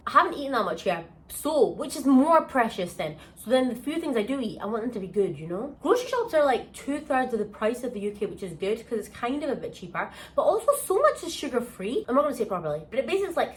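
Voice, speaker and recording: A young woman from the UK, telling a holiday story in a casual vlog, animated and exclamatory with plenty of slang. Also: fairly high pitch, low-quality recording. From United Kingdom. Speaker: vlogger. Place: holiday villa.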